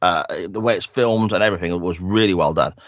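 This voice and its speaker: A low-voiced man talking casually on a podcast, recapping the story with tag questions and fillers. The sound is dry and close, with no room around it. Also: brisk, dry recording, highs cut off. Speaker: podcast co-host. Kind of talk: casual chat.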